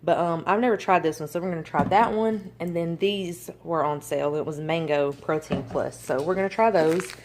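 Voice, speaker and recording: A woman's voice: on the low side, normal speed, hardly any pauses, a little mellow. A young woman, a mother, chatting casually through a grocery haul vlog, rambling with lots of ums and likes. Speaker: family vlogger. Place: home kitchen. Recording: noisy home recording.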